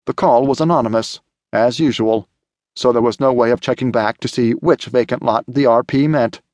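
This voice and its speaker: A man narrating a thriller audiobook in a steady, measured way. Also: medium pitch, dry recording, studio quality. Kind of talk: scripted narration.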